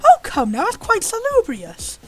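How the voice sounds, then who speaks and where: A woman's voice: very high-pitched, wildly swooping pitch, normal speed, a bit bright, soft background music, pitched above the performer's own voice, full character voice. A British woman voicing a courteous, formal old male monster butler in a video game, with prim, old-fashioned wording. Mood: polite, formal.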